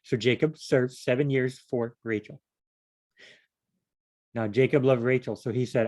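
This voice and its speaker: A man's voice: mid-range voice, fairly even intonation, unhurried, long pauses, darkish tone. Chatty man reading and discussing scripture. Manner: digressive, chatty asides and restarts. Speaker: Bible study vlogger. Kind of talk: reading scripture aloud with casual commentary.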